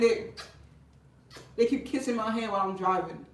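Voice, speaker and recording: A woman chatting casually with her viewers, telling stories in an animated way, laughing and breaking into loud bursts. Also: mid-range voice, moderate pace, pauses often. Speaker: vlogger talking to viewers. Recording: roomy and distant from the mic.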